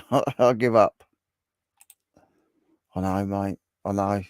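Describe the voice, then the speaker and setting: A man's voice: on the low side, fairly even intonation, slow, clean tone, dry recording, studio quality. A man hosting a casual livestream, reading viewer comments aloud and chatting with them in a bantering, repetitive way. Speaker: livestream host.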